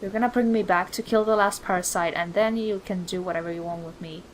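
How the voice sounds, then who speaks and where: A woman's voice: on the low side, fairly even intonation, quick pace, few pauses, slight background noise, low-quality recording. A woman doing let's play commentary, reacting emotionally and swearing at the game. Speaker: gamer. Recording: commentary over game music.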